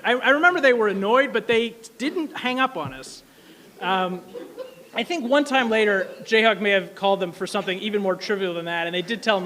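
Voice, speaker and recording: A man telling a casual, animated story to an audience, full of fillers and asides. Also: high voice. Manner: quick, animated, many fillers. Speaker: speaker at an anniversary event.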